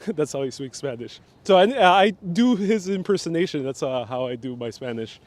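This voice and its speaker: A man's voice: fairly high pitch, expressive, moderate pace. A man, casually hosting a live walking tour outdoors, chatting and laughing as he reads out viewer comments. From New York, Puerto Rican family. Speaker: live-stream host and city guide. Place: outdoors on a waterfront park. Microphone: phone camera on a gimbal.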